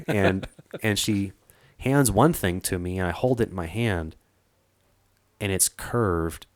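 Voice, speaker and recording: A man from Arizona, a treasure hunter guest, telling a story in a casual, animated way and acting out what people said. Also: deep voice, slow pace, long pauses, no echo. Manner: animated, acts out quoted dialogue, frequent fillers.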